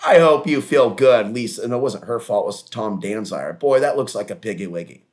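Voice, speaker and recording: A man's voice: on the low side, expressive, brisk. A man hosting his own online talk show in a rambling, crude, digressive monologue with mocking asides.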